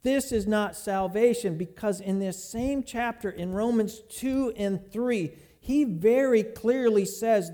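A man's voice: sits high, dark tone. Folksy man preaching a sermon. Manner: storytelling, folksy, slows to stress points. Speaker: pastor.

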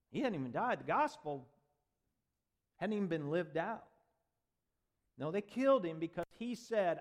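Forceful preaching man, fairly high voice. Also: very animated, a little slow, pauses often. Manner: dramatic preaching, rising to forceful emphasis. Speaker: pastor. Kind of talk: sermon.

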